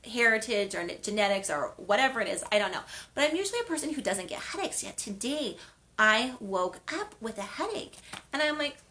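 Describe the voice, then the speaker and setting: A woman's voice: on the high side, fairly bright tone. A woman from the western United States hosting a wellness video series, chatting casually and rambling with lots of fillers. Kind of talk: casual chat.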